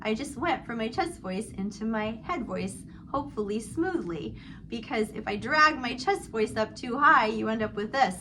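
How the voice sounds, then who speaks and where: A woman's voice: on the high side, normal speed, a little hiss or hum, low-quality recording. A middle-aged woman vocal coach teaching a singing lesson, explaining technique between sung vowel exercises. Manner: demonstrates vowel slides and sighs, then explains calmly.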